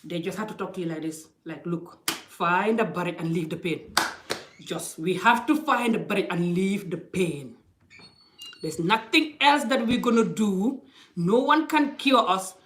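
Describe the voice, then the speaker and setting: A woman's voice: mid-range voice, lively intonation, unhurried, noisy background. A middle-aged woman talking into her phone, giving life advice in an emphatic, casual way. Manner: emphatic, acts out quoted exchanges. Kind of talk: casual motivational talk. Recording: roomy echo.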